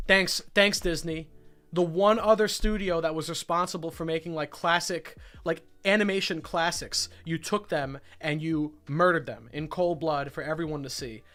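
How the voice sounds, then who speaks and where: A man's voice: on the high side, a bit bright. A young man hosting a casual livestream chat, ranting with lots of swearing and repeated phrases. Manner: ranting, profane, repeats himself. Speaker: livestream host.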